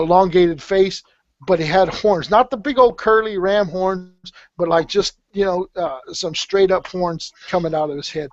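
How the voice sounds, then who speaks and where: A man's voice: high voice, no echo. A middle-aged man, rambling through a story on a podcast with many restarts and some swearing. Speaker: podcast guest telling a story. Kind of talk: casual storytelling. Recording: dull, slightly muffled podcast audio.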